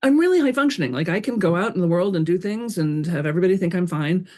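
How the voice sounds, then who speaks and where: A woman's voice: fairly low pitch, animated, quick pace, darkish tone. A woman guest on a podcast, an author, talking candidly and expressively, acting out her own thoughts in quoted asides. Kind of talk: conversational interview.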